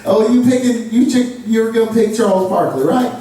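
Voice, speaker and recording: A man preaches a casual, storytelling sermon, bursting into acted voices now and then. His voice sits high for a man. He is heard from well off the mic in a strongly echoing church room with faint noise underneath. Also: moderate pace, distant mic. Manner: storytelling, acts out voices with rising excitement. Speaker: pastor. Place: church sanctuary.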